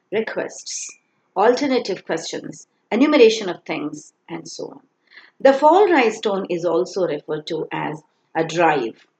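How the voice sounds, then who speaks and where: Woman teacher, explanatory, lively pitch, echoey room. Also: highs cut off, slight background noise. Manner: explanatory, reads dialogues aloud. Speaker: English teacher. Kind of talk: recorded lesson.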